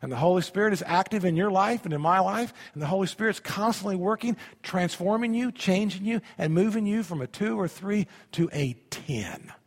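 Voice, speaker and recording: A pastor preaching a sermon, emphatic, with sudden drops to a quiet voice. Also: male voice, sits high, fairly quick, hardly any pauses, long reverb tail.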